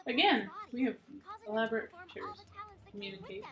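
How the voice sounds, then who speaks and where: Female guest, casual commentary, dry wit, slightly high voice. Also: big pitch swings, brisk, soft background music.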